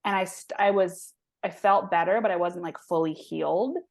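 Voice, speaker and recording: A woman in her thirties with a fairly low voice tells her story as a podcast guest. She talks in a chatty, heartfelt way, full of "like" and restarts. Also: normal speed, vocal fry. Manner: chatty, lots of "like" and restarts, emotional. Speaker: guest, holistic health practitioner. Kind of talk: casual interview storytelling.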